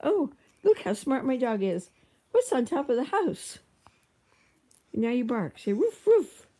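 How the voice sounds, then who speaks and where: A woman's voice: a little high, big pitch swings, a little slow, mellow. An older woman hosting a live-stream chat at home on a phone, rambling and chatty as she reads viewer comments. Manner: rambling, chatty, with frequent restarts. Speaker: vlogger host.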